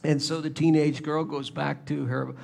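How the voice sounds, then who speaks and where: A man preaching a sermon, animated, acting out little scenes in shifting voices. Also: on the high side, normal speed, gravelly. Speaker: pastor.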